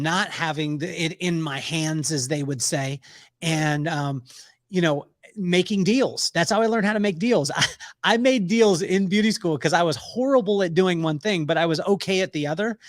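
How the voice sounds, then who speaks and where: A middle-aged man with a high voice tells a story as a podcast guest. He is animated, laughs often and acts out the people he quotes. The sound is close and dry, with no room in it. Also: no echo. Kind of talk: storytelling in a casual interview.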